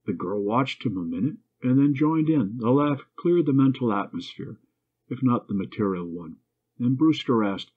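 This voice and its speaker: A man reads an old love story aloud for English learners, measured and expressive. His voice is husky. The recording sounds tinny and narrow, like a phone line. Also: medium pitch. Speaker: story reader.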